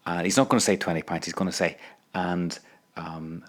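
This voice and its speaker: Guy, lowish voice, walking you through a lesson, patient, keeps asking you to repeat. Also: steady tone, normal speed. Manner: patient, prompting the listener to repeat phrases. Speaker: language teacher. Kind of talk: audio language lesson.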